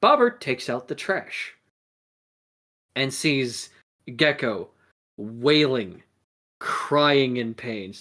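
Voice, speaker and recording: A woman narrating a tabletop game as game master, casual and animated. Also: a bass voice, extremely slow, long pauses.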